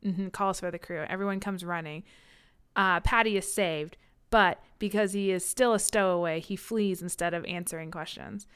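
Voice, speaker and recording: A woman co-hosting a book podcast in casual chat, sarcastic and quick to laugh as she retells the plot. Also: lowish voice, a bit bright, smooth. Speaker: podcast co-host.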